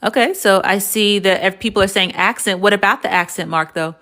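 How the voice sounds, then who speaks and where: A woman's voice: mid-range voice, fairly quick, pushed and bright. An American woman teaching a live online Spanish lesson, casually quizzing her viewers and encouraging them.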